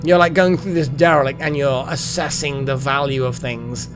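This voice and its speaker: A man commentating a gameplay session as the channel host, rambling and excitable, often muttering to himself. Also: mid-range voice, normal speed, over music. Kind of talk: let's play commentary.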